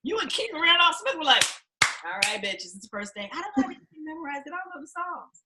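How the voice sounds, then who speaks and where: A woman's voice: sits high, sing-song, fast talker, bright, forceful tone. A woman teaching an acting class, telling blunt, profane stories and acting out the people she quotes. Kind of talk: class talk to students.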